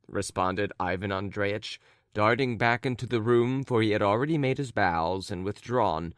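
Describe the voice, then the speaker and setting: A man narrating a classic novel as an audiobook in a low, measured storytelling voice. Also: smooth, no echo, studio quality. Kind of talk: scripted narration.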